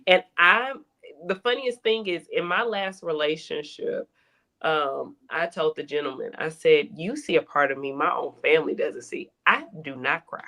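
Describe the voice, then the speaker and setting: A woman in casual conversation, telling stories with lively acted-out dialogue. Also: low voice, normal speed. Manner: animated storyteller, acts out quoted dialogue. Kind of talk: casual chat.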